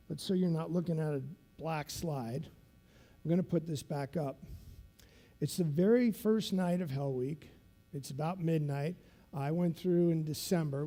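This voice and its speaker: A man giving a conference keynote, telling a story in an animated, dramatic way. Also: a little high. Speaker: keynote speaker. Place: conference stage.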